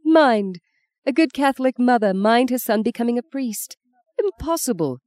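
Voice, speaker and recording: A woman voicing a bitter, sharp-tongued middle-aged mother, speaking tartly and vehemently in an audiobook. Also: on the high side, animated, moderate pace, dry recording, voice pushed up, lightly acted. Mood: brisk. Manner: tart, vehement. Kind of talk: audiobook character reading.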